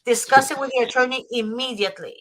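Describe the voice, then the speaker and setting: A woman's voice: fairly high pitch, fast talker, a bit bright, rough recording. A woman hosting a talk show, giving advice and repeating key points with emphasis. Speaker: host. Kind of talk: advocacy talk show with guests.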